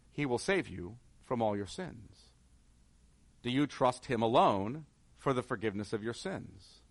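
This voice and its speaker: Preaching with earnestness, this pastor is a man who asks rhetorical questions throughout his sermon, drifting from quiet, low moments into forceful emphasis.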